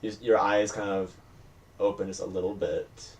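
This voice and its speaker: A man narrating as game master of a tabletop horror game, telling the scene in a relaxed, rambling way. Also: low voice, normal speed. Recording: distant mic with faint hiss.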